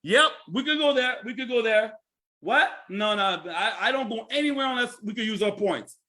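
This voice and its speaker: High bright-voiced canadian guy doing a hype sales pitch on a live stream, keeps checking in with viewers. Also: normal speed. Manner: energetic, repetitive, chatty with listeners. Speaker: presenter. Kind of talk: sales presentation on a livestream.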